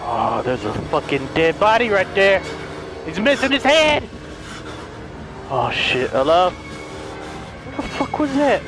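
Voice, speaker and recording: Jumpy, high-voiced young gamer man. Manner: jumpy, swearing, shrieks when startled. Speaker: let's play gamer. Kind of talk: live gameplay commentary.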